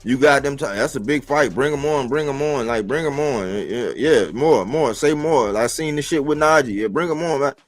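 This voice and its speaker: A man giving a casual, slangy boxing commentary monologue for a live stream, animated and rhetorical, repeating his points. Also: medium pitch, moderate pace, hardly any pauses. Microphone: live-stream mic.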